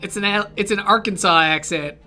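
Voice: mid-range voice, a little fast, sharp tone, faint music behind. A game streamer giving casual, joking commentary while playing, often poking fun at the voice acting. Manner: joking, laughing, doing bad impressions.

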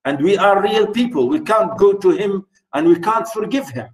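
A man teaching a literature class online, reading quotations aloud and questioning his students in an animated way. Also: high-pitched, normal speed, low-quality recording. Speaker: literature lecturer.

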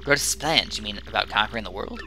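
A man's voice: fairly low pitch, fast, bright, forceful tone, slight background noise. A man doing an anxious captive princess. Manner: pleading, questioning. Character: captured young princess, earnest and alarmed.

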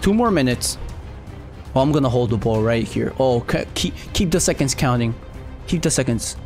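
A young man commenting on his own gameplay as a gaming YouTuber, swearing constantly and trash-talking his opponent with sudden yelling. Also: mid-range voice, normal speed, faint music behind. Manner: profane trash talk, excitable, bursts into yelling.

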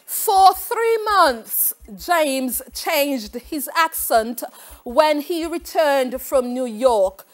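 A woman's voice: high-pitched, lively intonation, very slow, exaggerated voice. A woman teacher putting on a foreign accent to read exam options aloud, drawn out and emphatic. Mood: playful.

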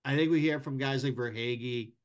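Heard with the highs cut off, a middle-aged man who covers hockey talks at normal speed and medium pitch on a podcast. He's a guest spinning lengthy, meandering stories that grow loud and lively.

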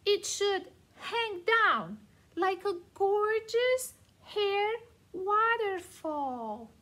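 A woman's voice: very high-pitched, very animated, extremely slow, sharp tone, exaggerated voice. Woman doing a prim, vain storybook horse. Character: prim, vain horse fussy about grooming.

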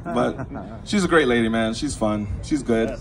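Speaking at a moderate pace in a mid-range voice, a young man from Queens, New York performs a rambling stand-up set. There's crowd work at this small backyard show, with a live audience laughing often in the background.

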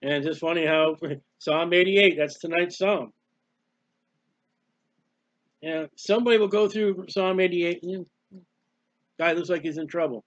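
A man giving a personal devotional talk as a preacher, emotional and halting, sometimes crying out in prayer. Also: fairly high pitch, dry recording, muffled recording.

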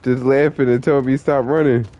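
A man's voice: mid-range voice, steady tone, brisk, dark tone, muffled recording. A young man streaming an online game, chatting with viewers in a laid-back, slangy, profane way. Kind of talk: casual live-stream chat.

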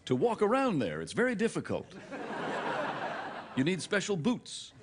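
A man's voice: high-pitched, wildly swooping pitch. A man voicing a wisecracking male robot skeleton sidekick on a late-night show. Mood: mocking. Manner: sarcastic, quick comebacks. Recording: noisy TV studio recording.

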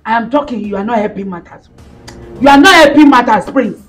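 A woman playing a bossy, scolding Nigerian mother-in-law in a comedy skit, mocking her daughter-in-law and shouting in bursts. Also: fairly high pitch, a little fast, echoey room, faint music behind, lightly acted, rough recording.

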